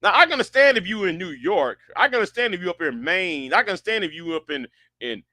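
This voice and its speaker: Man, sarcastic commentary, tense bright tone, dry close sound. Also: high voice, big pitch swings, quick pace, dry recording. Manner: sarcastic, incredulous, repeats himself. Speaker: online commentator. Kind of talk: ranting commentary.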